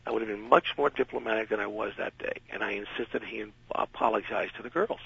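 A man telling an anecdote as a radio interview guest, animated and acting out the people in his story. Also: fairly low pitch, fast, vocal fry, slightly rough, no room sound. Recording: dull lo-fi radio recording.

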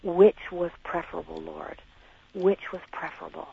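A woman being interviewed on the radio, talking in a halting, searching way and questioning herself as she reflects. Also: fairly low pitch, steady tone, vocal fry, mellow, breathy edge, dull audio. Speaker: interview guest.

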